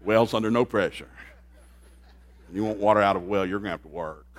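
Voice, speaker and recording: A man preaching a sermon in a folksy, joking way, dropping into low asides and then rising into loud outbursts. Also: brisk. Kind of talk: comedic sermon. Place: church service.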